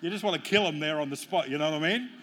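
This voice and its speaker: Joking preacher, fairly high voice. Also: male voice, rapid-fire, fairly bright tone, a little hiss or hum. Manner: jokey, storytelling preacher with emphatic rises. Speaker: pastor. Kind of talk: sermon.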